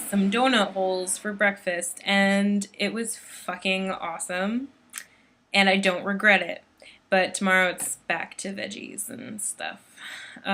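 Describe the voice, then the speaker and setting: A woman's voice: medium pitch, sharp tone. A woman in her late teens talking casually to her webcam in a video diary, rambling and a little frazzled, with lots of "like" and "um". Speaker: vlogger. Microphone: built-in computer webcam mic.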